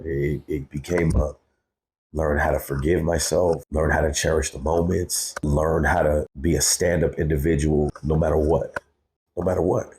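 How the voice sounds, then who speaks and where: A man's voice: a bass voice, a little mellow. A man in his thirties, a guest on a podcast, telling a personal story candidly, cursing freely and calling people bro. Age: 30s. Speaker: guest, hip-hop artist.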